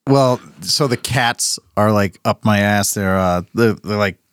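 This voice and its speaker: A man's voice: on the low side, a little slow, a bit bright, clean tone, no echo, studio quality. A young man who is a podcast host, rambling in casual chat, swearing a lot and restarting his sentences.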